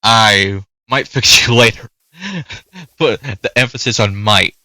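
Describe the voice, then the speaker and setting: A man's voice: on the low side, slow pace, long pauses, sharp tone. A man giving casual gameplay commentary, chatting away and talking to the animals in his game. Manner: chatty, talks to the game's animals. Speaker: gaming youtuber.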